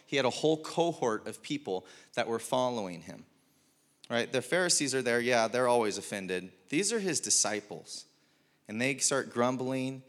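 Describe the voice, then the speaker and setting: A man of middle pitch delivers a sermon from a church stage in a loose, conversational way. He leans on fillers and rhetorical questions and chuckles at his own jokes. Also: fairly bright tone. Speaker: pastor. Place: church stage before a congregation.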